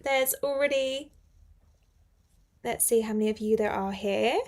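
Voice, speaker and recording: Woman, young, English teacher on a live stream, chatty, encouraging, slightly high voice. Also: a little slow, darkish tone. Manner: chatty and encouraging, reads viewers' comments aloud.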